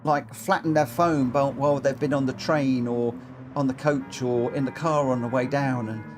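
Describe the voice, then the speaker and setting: A man hosting and commentating online racing in a chatty, excitable, jokey way over a live stream. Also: mid-range voice, moderate pace, soft background music. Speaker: race commentator and lobby host. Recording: game audio noise behind.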